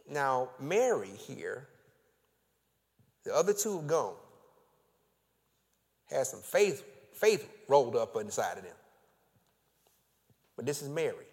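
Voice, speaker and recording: A male pastor preaching a sermon, leading his congregation in call and response with slow, drawn-out emphasis. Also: on the high side, sing-song, gravelly, a little mellow. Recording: long reverb of a church hall.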